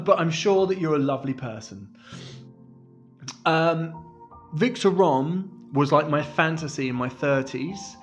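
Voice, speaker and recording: A middle-aged man from the UK chatting casually to camera as a vlogger, self-deprecating and laughing often. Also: fairly high pitch.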